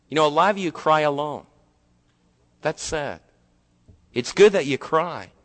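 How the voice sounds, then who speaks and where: A man preaching a sermon as a pastor, passionate and emphatic, rising to loud peaks and dropping to soft, low passages. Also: long reverb tail.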